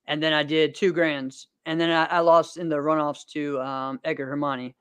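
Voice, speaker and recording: A man in his thirties with a smooth, clear, fairly high voice talks casually on a podcast. He rambles cheerfully, laughs often, and fills gaps with plenty of "um"s. The sound is dry and close, with no room echo. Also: little pitch movement, moderate pace, fairly bright tone. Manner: rambling, upbeat, laughs often, many fillers. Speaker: podcast host and martial arts competitor. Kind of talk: casual chat.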